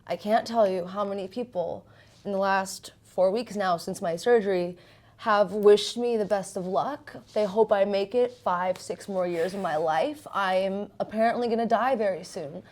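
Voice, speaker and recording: A woman's voice: medium pitch, moderate pace, darkish tone. Chatty woman host asking questions. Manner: candid, chatty, curious. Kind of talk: casual interview questions.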